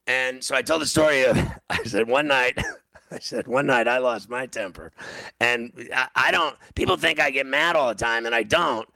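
A man's voice: medium pitch, normal speed, creaky, dry recording, poor audio. A man hosting a sports radio show, telling a long story in a rambling way with lots of stammered restarts. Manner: rambling, stammering restarts, loud when acting out his own yelling.

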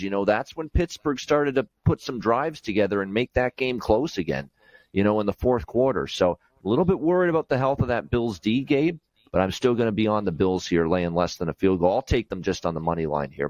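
Low-voiced man breaking down picks. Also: no echo, muffled recording. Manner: steady, methodical breakdown. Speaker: sports analyst guest. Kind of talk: sports betting analysis.

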